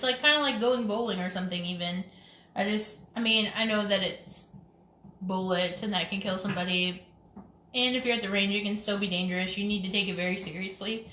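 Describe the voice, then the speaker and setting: A woman's voice: medium pitch, sharp tone, slight background noise. A woman co-hosting a casual live stream, chatty and giggly, rambling from topic to topic. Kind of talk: casual chat. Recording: echoey room.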